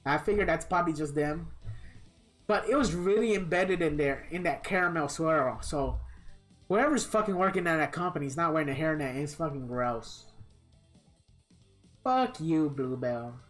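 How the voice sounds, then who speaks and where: A woman's voice: deep voice, normal speed, soft background music. A woman game streamer telling a long, rambling story in blunt, profane, complaining casual chat.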